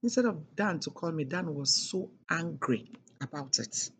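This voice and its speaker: A woman's voice: sits low, lively intonation, moderate pace, a little hiss or hum. A middle-aged woman telling a personal story in an emphatic, repetitive way, leaning hard on key words. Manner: emphatic and repetitive, with heavy stresses. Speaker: speaker sharing a personal testimony.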